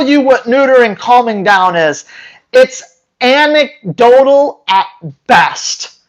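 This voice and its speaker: A man's voice: very high-pitched, animated, slow pace, rough recording. A dog trainer talking to his viewers in a casual, sarcastic rant, with emphatic, rambling delivery. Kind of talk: casual opinion rant to camera.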